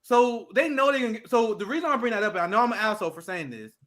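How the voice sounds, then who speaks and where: A man's voice: sits high, expressive, fast talker, fairly bright tone. A young man hosting a podcast, ranting in profane casual chat and mocking others with impressions. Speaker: podcast host.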